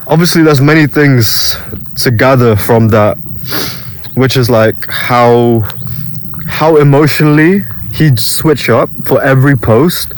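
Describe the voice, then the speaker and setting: A man's voice: medium pitch, animated, unhurried, rough recording. A young man vlogging about self-improvement, telling a casual story with many restarts and quoted voices.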